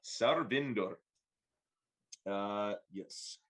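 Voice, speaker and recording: A man narrating a tabletop game as game master, describing scenes with many halting fillers. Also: fairly low pitch, fairly bright tone, husky. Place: home, online stream.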